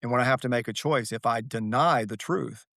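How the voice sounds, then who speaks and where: Male guest, middle pitch, earnest storyteller who leans on repetition; dry, close sound. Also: brisk, gravelly, a bit bright, no room sound. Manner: earnest, dramatic storyteller who repeats key phrases. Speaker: guest, author and athlete. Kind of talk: reflective podcast conversation.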